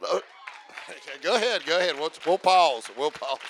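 A man preaching a fiery sermon, swinging from hushed asides to shouted emphasis. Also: fairly high pitch, expressive, normal speed, a little hiss or hum.

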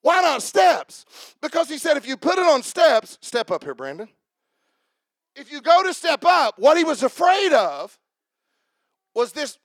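A man's voice: very high voice, sing-song, measured pace, long pauses, no room sound. A man preaching a sermon to his congregation, joking and repeating himself as he talks to people in the room by name. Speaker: pastor.

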